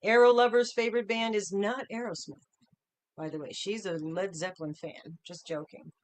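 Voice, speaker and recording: A middle-aged woman hosts a livestream from home. She chats in an upbeat, easygoing way and greets viewers by name one after another. Her voice is smooth and clear, at an ordinary pitch for a woman. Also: steady tone, moderate pace. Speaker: livestream host.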